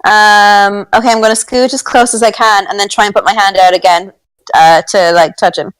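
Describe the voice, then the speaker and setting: A woman playing a tabletop game, excitable and giggly as she describes her character's actions. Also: mid-range voice, normal speed, smooth, dry recording, low-quality recording. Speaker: player. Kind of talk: tabletop role-play.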